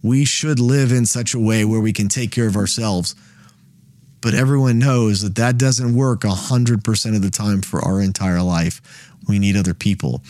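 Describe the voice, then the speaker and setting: A man's voice: lowish voice, a little mellow, no room sound. Man, Bible study host, casual teaching, tag questions, restarts, dry close sound.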